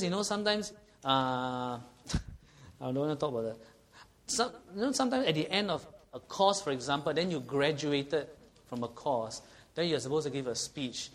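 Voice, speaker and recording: A man's voice: fairly high pitch, expressive, normal speed. A man preaching a sermon, earnest and often checking in with the congregation. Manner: earnest, asks the congregation frequent questions.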